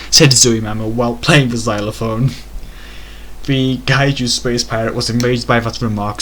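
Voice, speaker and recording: A man's voice: medium pitch, fairly bright tone. A man reading fan fiction aloud for comedy, stumbling over words and breaking into incredulous, exasperated asides.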